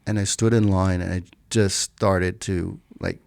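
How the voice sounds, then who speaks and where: Gravelly man telling his own story. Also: deep voice, measured pace, no room sound, clean studio sound. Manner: animated when acting out quotes, laughs while telling. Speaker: podcast guest. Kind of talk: casual storytelling.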